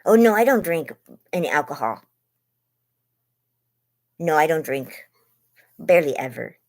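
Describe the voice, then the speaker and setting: Chatty low-voiced woman livestreaming from bed. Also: big pitch swings, a little slow, darkish tone. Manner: chatty and rambling, gushing greetings to viewers by name. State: losing her voice, lungs hurting. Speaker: livestream host. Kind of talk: casual livestream chat with viewers. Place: in bed at home.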